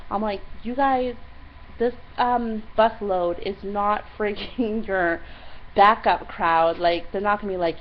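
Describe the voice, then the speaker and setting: A young woman casually telling a diary-style story, retelling it with lively exasperation and quoting herself often. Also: medium pitch, normal speed. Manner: animated, exasperated retelling with many "I'm like" quotes. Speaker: vlogger. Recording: slightly dull lo-fi recording with faint hiss.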